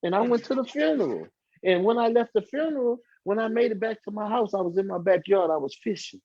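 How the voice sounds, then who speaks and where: As a guest on a podcast, a man shares his life story as a casual testimony, imitating the voices of the people involved. His voice is high-pitched, fairly quick, and a little mellow, and the dull, lo-fi recording is dry with no echo.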